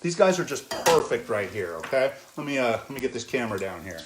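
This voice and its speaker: A man's voice: mid-range voice, very animated, a little fast, echoey room, background noise. A man hosting a casual live cooking demo in his kitchen, chatting with viewers and often checking in with "okay?". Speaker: chef hosting a cooking stream. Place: home kitchen.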